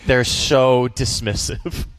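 A man from the Boston area with a faint Boston accent, a comedian guest talking in a casual, animated, jokey way. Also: medium pitch, slow, clear, resonant tone, dry recording. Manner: animated, jokey, slips into character voices. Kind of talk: casual interview chat.

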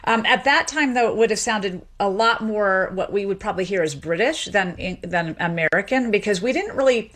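Middle-aged woman from Memphis, academic guest on a radio interview, lively explainer, mid-range voice. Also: mid-range voice, moderate pace, hardly any pauses. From Memphis, Tennessee. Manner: animated, explanatory, with small restarts and laughs. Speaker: sociolinguist and professor, guest.

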